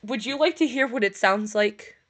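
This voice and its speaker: A woman's voice: on the high side, normal speed. Profane rambling young woman storyteller. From upstate New York. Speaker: podcast co-host. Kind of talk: casual chat. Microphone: push-to-talk voice chat.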